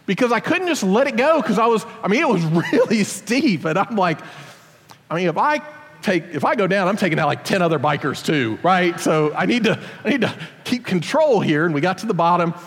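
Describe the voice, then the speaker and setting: A middle-aged father telling a personal story to an audience in an animated, self-deprecating way. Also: high-pitched, fairly quick, in a large hall.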